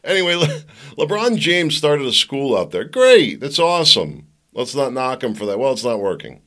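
A man's voice: mid-range voice, big pitch swings, moderate pace, pushed and bright. A man hosting his own podcast, giving casual solo commentary full of sarcastic asides and jokes. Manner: sarcastic, jokey, talks in asides. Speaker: podcast host.

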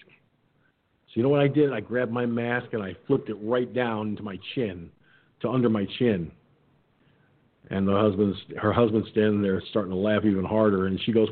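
A middle-aged man with a fairly low voice, speaking at normal speed, hosts an online radio talk show and relates a comic anecdote in casual chat. He acts out the quotes by imitating the other people's voices, and the audio sounds tinny, as if over a phone.

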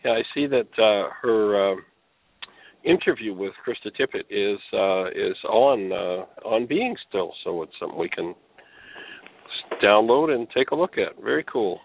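Gravelly low-voiced male radio host. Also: expressive, no room sound. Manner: warm, appreciative, halting. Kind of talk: casual radio talk. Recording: tinny phone-line radio audio, dry.

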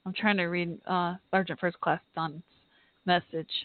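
A woman hosting a live podcast, talking in an earnest, heartfelt, halting way and reading aloud. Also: lowish voice, little pitch movement, no echo. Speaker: podcast host. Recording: tinny phone-line audio, dry.

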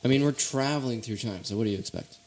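A man's voice: mid-range voice, quick pace, a little mellow, a little hiss or hum. A man hosting a comedy talk show, trading laid-back, dryly joking banter with his guest. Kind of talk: casual comedic chat.

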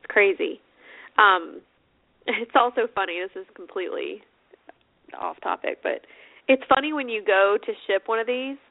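A woman's voice: mid-range voice, normal speed, pauses often. A woman co-hosting a motorcycle radio show, chatting casually and laughing often. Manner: giggly and chatty. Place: Sarasota. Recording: phone-like narrow band, dry.

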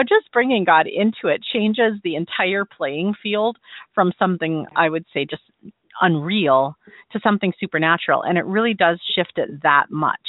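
A woman's voice: lowish voice, no echo. A woman host speaking earnestly and reflectively in a casual interview. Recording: dry tinny phone-like line.

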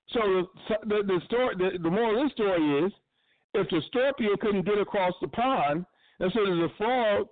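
A man's voice: high-pitched, dry recording. A man hosting a radio show, giving blunt, profane, impassioned commentary. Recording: tinny phone-line sound.

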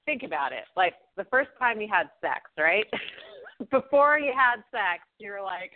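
A woman's voice: medium pitch, animated, measured pace. A woman co-hosting a podcast in casual chat, reflective and laughing between her thoughts. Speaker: podcast co-host. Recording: tinny phone-like sound.

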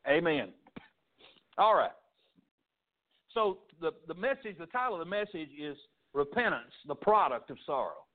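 A Southern US preacher delivers a fervent sermon in a high-pitched voice, stumbling through repeated words as he presses his point. The sound is thin and tinny, like a phone line. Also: big pitch swings, brisk. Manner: fervent preaching with frequent stammered restarts. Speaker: pastor. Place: church sanctuary.

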